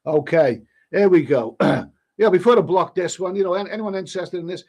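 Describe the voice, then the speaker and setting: A man with a high, fairly quick, slightly mellow voice hosts a casual live stream. He reads viewer comments aloud and answers them with rambling, chuckling asides and many restarts.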